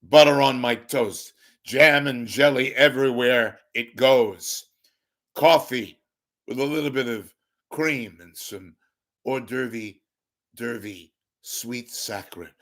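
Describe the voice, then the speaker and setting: A hoarse man doing an impression of a booming old-time male movie star who grandly demands breakfast. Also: takes it slowly, fairly bright tone. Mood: grandiose.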